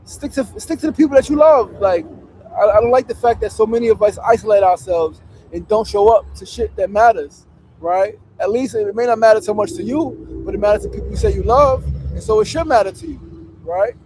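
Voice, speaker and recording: High-pitched guy preaching on a livestream outside, lots of swearing, faint street noise behind. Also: fairly quick, a little mellow, low-quality recording. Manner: profane, emphatic, repetitive, preachy. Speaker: livestream host on a public fast. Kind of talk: casual motivational livestream talk. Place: outdoors on a city street.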